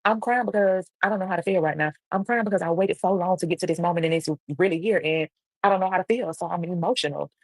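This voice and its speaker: A young adult woman telling a casual storytime on a livestream, animated and acting out the voices of people in her story. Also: fairly low pitch, fast, no room sound, poor audio. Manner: animated, acts out quoted voices. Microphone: livestream computer mic.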